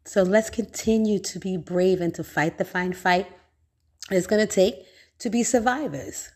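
A woman's voice: medium pitch, unhurried. A middle-aged woman hosting a podcast, giving a raw, profane motivational monologue, calling listeners baby and y'all, repeating points with rising emphasis. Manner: emphatic repetition, rising with excitement. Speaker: podcast host.

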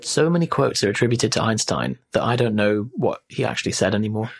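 A man's voice: fairly low pitch, lively intonation, fairly quick, gravelly, husky. A man co-hosting a podcast, making dry, laid-back remarks in casual chat. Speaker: podcast co-host.

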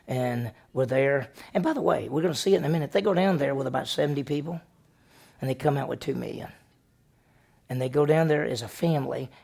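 A man pastor preaching a sermon, questioning the congregation and acting out the story with lively voices. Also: mid-range voice, vocal fry, husky.

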